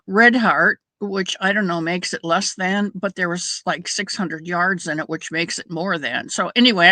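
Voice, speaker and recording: A woman's voice: on the low side, sharp tone, no room sound. A middle-aged woman hosting a crafting livestream, chatting casually and rambling as she greets viewers by name. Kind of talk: casual chat with live viewers.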